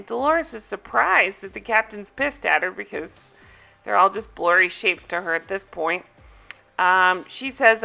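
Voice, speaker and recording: A woman's voice: mid-range voice, animated, measured pace, vocal fry, bright, forceful tone. A woman recapping a reality TV episode in casual, amused chat, with frequent ums.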